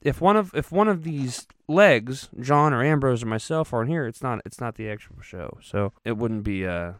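A man's voice: medium pitch, lively intonation, moderate pace, no room sound. A man co-hosting a podcast in casual banter, talking in a rambling, profane way full of fillers. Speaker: podcast co-host.

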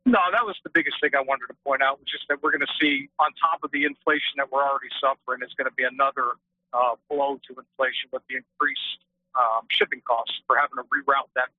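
Male caller, quick and hesitant, muffled phone-line sound. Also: mid-range voice, steady tone, breathy edge. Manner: hesitant, many fillers. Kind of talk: phoning in to a radio show.

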